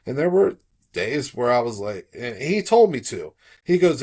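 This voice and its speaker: A middle-aged man from South Florida talks through a personal story as a podcast guest, in an easygoing, conversational way. His voice sits at an ordinary pitch for a man. It perks up when he acts out what other people said. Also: moderate pace, breathy edge. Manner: relaxed, animated when quoting others. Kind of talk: casual storytelling.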